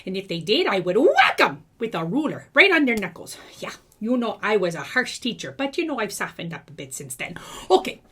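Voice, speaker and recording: A woman's voice: medium pitch, big pitch swings, a little fast, fairly bright tone, slightly rough. A woman voicing a bossy, folksy older woman and former schoolteacher who scolds and lectures the viewers in a comic monologue. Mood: chatty. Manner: scolding, chatty, talks straight to viewers. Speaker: video creator. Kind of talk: comedic character monologue.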